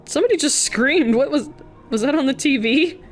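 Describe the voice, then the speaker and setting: A woman's voice: high-pitched, animated, normal speed, faint music behind. Joking woman doing game commentary. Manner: joking, sarcastic asides. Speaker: let's play streamer.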